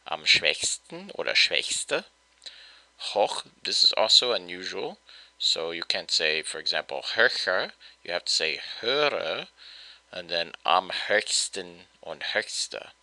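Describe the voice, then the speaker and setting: A man's voice: deep voice, bright, forceful tone, no echo, poor audio. A man teaching German grammar in a patient, step-by-step way, with the odd filler. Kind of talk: explanatory lesson.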